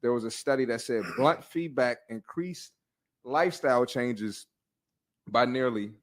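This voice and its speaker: A young adult man hosting a casual fitness podcast, blunt and animated, slangy and quick to laugh. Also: medium pitch.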